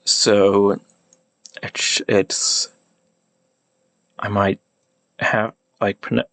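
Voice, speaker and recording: A man casually explaining pronunciation, thinking aloud with many halting restarts. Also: lowish voice, steady tone, a bit bright, no echo. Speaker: language hobbyist explaining pronunciation.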